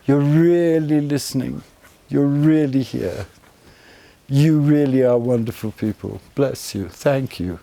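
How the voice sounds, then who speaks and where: An older man giving a spiritual talk to a retreat group, expressive and effusive, teasing his listeners fondly. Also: mid-range voice, takes it slowly, gravelly, no echo. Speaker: spiritual teacher.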